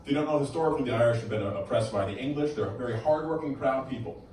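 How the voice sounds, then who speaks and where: A man doing a stand-up set at a comedy club, mixing crowd work with animated punchlines over audience laughter. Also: mid-range voice, rapid-fire, slight background noise. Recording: roomy live club recording from far off.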